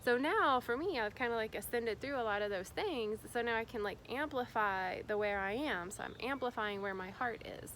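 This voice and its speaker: A woman's voice: on the high side, lively intonation, normal speed, hardly any pauses, fairly bright tone, slight background noise. A woman from Indiana, a spiritual guide, talking casually and rambling with many fillers and restarts. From Indiana, USA. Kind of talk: casual spiritual vlog talk.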